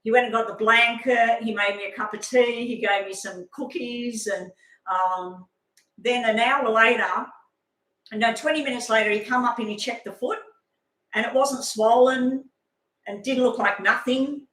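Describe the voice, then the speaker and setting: A middle-aged woman, rambling casually on a live stream as a tarot reader and telling a long story with animated asides. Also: a little high, unhurried. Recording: echoey room.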